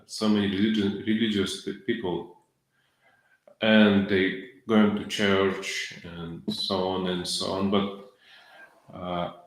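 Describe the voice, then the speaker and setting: A middle-aged man giving a devotional lecture in halting English, full of fillers and self-corrections, with chuckles between points. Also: low-pitched. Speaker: lecturer on scripture. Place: temple lecture hall. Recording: very echoey lecture hall.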